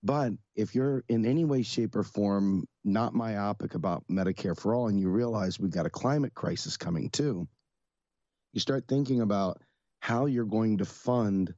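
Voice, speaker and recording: A hoarse man with a cold, speaking as a guest on a radio show in a relaxed, joking way. His voice sits low. The line sounds dull and muffled, with no room echo. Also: moderate pace. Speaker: guest, activist.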